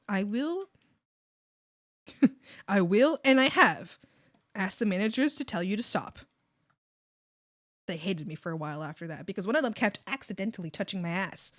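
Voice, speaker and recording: A young adult woman streamer venting a story to her chat in a casual, animated, profane way. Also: medium pitch, normal speed, long pauses. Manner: animated, profane, mocking whiny voices. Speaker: art streamer.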